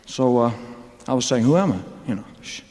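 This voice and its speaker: A man's voice: mid-range voice, expressive, fairly quick, dark tone. Man rambling onstage in a hall. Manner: mumbled asides, chuckles and wisecracks, puts on quoted voices. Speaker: singer telling his career story on stage. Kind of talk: rambling stage monologue. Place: live concert stage. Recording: live hall with faint crowd ambience.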